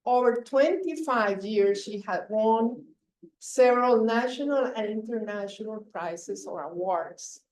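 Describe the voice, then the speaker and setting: A woman giving a live public speaking seminar, coaching in an emphatic way and pausing for emphasis, recorded at a hotel event. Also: fairly high pitch, darkish tone. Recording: echoey room from far off.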